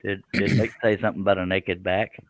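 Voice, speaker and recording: A man's voice: deep voice, little pitch movement, a little fast, no echo, low-quality recording. A man with a Texan accent hosting a live stream, joking and laughing often. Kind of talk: casual chat on a live stream.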